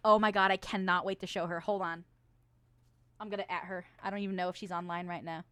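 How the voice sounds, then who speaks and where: A woman's voice: lowish voice, steady tone, fast, fairly bright tone, dry recording. A woman streaming a video game, chatting casually with her viewers and swearing often as she plays. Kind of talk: casual gameplay stream chat.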